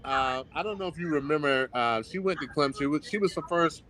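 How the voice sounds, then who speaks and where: A man's voice: a little high, a little fast, crowd noise, poor audio. A man, a former professional football player, telling stories in a casual interview, acting out the voices of people he quotes and laughing often.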